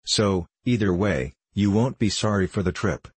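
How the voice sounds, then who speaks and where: A man's voice: on the low side, normal speed, husky, dry recording. A man doing an eager loyal young servant. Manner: eager, earnest, devoted.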